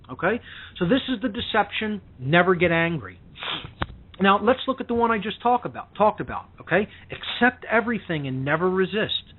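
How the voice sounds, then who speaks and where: A man's voice: sits high, sing-song, normal speed, breathy edge. A man as a guest on a radio show, lecturing with passion and driving points home with a repeated "okay?". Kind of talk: impassioned lecturing talk. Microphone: telephone. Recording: tinny phone line.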